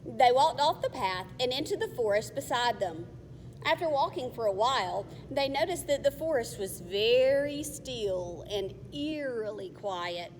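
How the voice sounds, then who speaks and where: A woman reading a children's novel aloud in a careful, measured way. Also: a little high. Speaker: narrator. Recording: faint long reverb, faint hiss.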